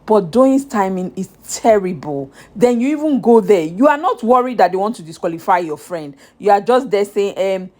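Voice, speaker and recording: A woman's voice: mid-range voice, animated, moderate pace, few pauses, mellow. A young Nigerian woman vlogging a chatty, exasperated recap of a reality show straight to her viewers.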